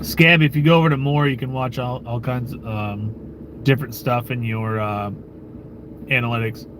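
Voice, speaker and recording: With a medium-pitched voice and a moderate pace, an American man hosts his own channel over a noisy background. He chats casually with live-stream viewers in a loose, rambling, relaxed way, full of fillers, swearing and chuckles.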